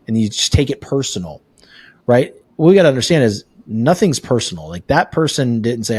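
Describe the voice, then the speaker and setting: A man's voice: medium pitch, lively intonation, a little fast, a little mellow, breathy edge, no echo. A man hosting a podcast, talking earnestly in a casual conversational way and telling stories with filler words. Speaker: podcast host.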